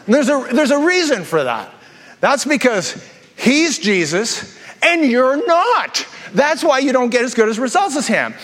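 A man's voice: very high-pitched, big pitch swings, a bit bright. Male pastor, upper register, joking sermon delivery, long church-hall reverb. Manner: jokey storytelling, quick asides and self-repeats.

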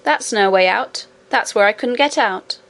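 A woman voicing a brave, practical young miner boy in a storybook reading, with brisk, matter-of-fact speech. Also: a little high, fairly bright tone. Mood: plucky.

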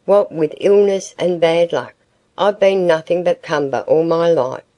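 A woman reading aloud gives us a poor farmer's wife close to tears, her low, dark voice trembling as she pleads. She stays humble and anxious throughout this old-fashioned storybook scene. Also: unhurried, close to an everyday voice. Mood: tearful pleading.

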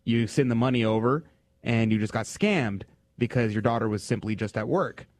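A man's voice: mid-range voice, normal speed, a little mellow, no room sound. Male radio host in mid register, dry close studio sound; loose, chatty delivery with frequent restarts. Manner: loose, conversational, many fillers and restarts. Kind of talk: casual radio talk.

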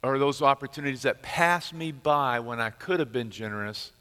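A middle-aged man, a pastor preaching a sermon and retelling a story with dramatic swings from loud to hushed. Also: medium pitch, normal speed, smooth, long reverb tail. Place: church sanctuary.

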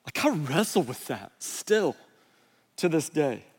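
Man preaching, fairly high voice, casual storytelling sermon, long hall reverb. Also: sing-song, takes it slowly, husky. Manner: conversational, self-deprecating storytelling. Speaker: pastor. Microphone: wireless body mic.

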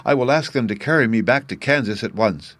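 A man's voice: mid-range voice, fairly quick, a bit bright, dry recording, lightly acted. A man voicing an eager, kind-hearted young girl in a storybook, with a breathless, raised delivery. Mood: joyful.

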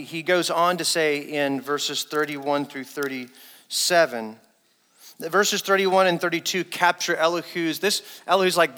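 A man preaching a sermon as associate pastor, animated and acting out quoted speech, with his voice ringing in a church hall. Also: a little high. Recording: long reverb in a church hall.

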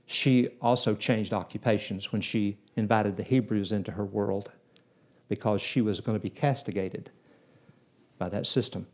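A man's voice: on the low side, steady tone, normal speed. Folksy man preaching a sermon. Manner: folksy storytelling, acts out biblical characters.

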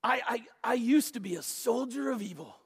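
A man putting on the voice of a big, tough former gang member who speaks low and humbly, in a reverberant church hall. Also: expressive, normal speed, husky, full character voice. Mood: friendly.

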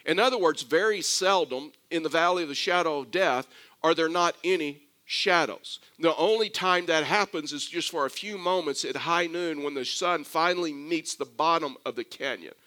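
A man preaching to his congregation in a bright, forceful voice pitched a little high. He tells a story, then presses one point home by repeating it, restarting phrases as he goes. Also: moderate pace. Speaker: pastor. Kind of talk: sermon.

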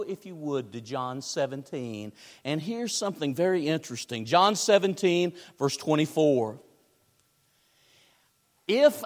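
High-voiced preacher in an echoing hall. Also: male voice. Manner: dramatic swings from hushed to booming. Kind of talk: sermon. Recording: long hall reverb.

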